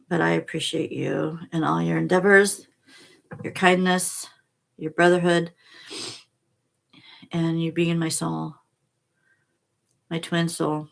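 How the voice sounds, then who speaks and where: A middle-aged woman hosting a spiritual vlog, talking softly and slowly with emotional pauses. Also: low-pitched, vocal fry. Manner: slow, soft and emotional, reads aloud with pauses. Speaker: channel host reading oracle cards.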